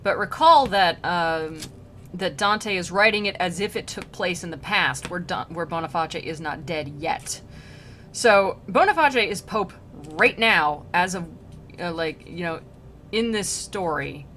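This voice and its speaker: A woman's voice: on the low side, animated, unhurried, sharp tone, a little hiss or hum. A young woman streamer reading a classic poem aloud and riffing on it in casual slang while doing a craft, with frequent laughs. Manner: chatty, paraphrases in modern slang, laughs often. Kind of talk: casual read-aloud with commentary.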